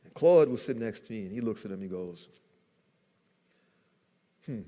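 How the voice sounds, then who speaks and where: Animated male storyteller in a reverberant hall. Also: fairly low pitch, fast. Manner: animated storyteller acting out quotes. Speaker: guest entrepreneur. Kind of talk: storytelling in a church talk. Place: church event hall.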